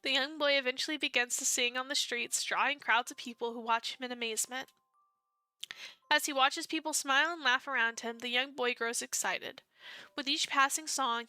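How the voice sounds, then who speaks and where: A young woman streaming a dating-sim game, reading its story aloud with feeling and jumping in with excited reactions. Her voice is bright, smooth and a touch high, recorded close and dry with faint game music underneath. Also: no echo.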